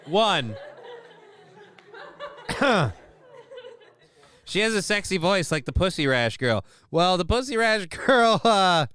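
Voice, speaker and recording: A man riffs through a news story in casual reaction commentary. His voice is smooth and crisp, recorded close and dry. His manner is crude and joking, full of swearing and rambling asides. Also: high-pitched, sing-song, slow, long pauses, a bit bright, dry recording. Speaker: stream host reacting to a news clip.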